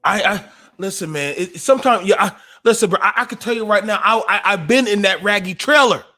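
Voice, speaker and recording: A man, hosting a livestream and delivering an emotional, preachy monologue that rises to shouts. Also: high voice, fairly quick. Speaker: podcast host.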